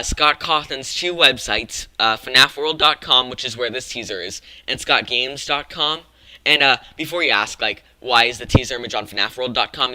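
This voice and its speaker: A man with a strikingly bright, forward voice hosts a casual game-theory vlog. He talks in a loose, rambling way, often stopping to restart or fix his words. The sound is close and completely dry. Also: medium pitch, no room sound, low-quality recording. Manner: rambling, frequent self-corrections and restarts. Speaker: gaming channel host.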